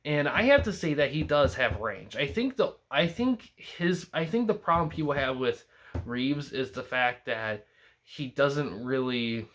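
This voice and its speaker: A man's voice: mid-range voice, lively intonation, a little slow, a bit bright. Young male host, casual solo film talk, rambling and full of restarts, mid-range voice. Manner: rambling, many restarts and fillers.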